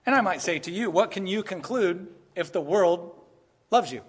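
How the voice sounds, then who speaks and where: A man preaching an expository sermon in a lively way, often laughing and acting out quoted voices. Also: high voice, normal speed, breathy edge. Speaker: pastor.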